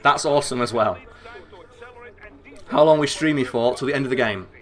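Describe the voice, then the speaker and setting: A young man with a northern English accent, chatting excitably and swearing as he streams a game, rambling with lots of fillers. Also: medium pitch, moderate pace. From northern England. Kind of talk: casual gameplay commentary.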